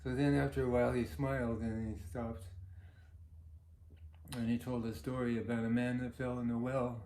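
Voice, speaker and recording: Man, storytelling speaker, mellow dark voice, earnest, roomy echo. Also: mid-range voice, little pitch movement, normal speed. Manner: anecdotal, chuckling, earnest. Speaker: devotional speaker. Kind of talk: storytelling talk.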